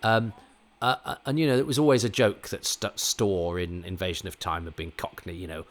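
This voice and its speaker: A man with a crisp English RP accent talks over what he is watching, slightly low-pitched and unhurried. He ambles from point to point in a chatty, digressive way and often pokes fun at himself as host of the show. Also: steady tone. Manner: chatty, digressive, self-mocking. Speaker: podcast host. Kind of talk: watch-along commentary.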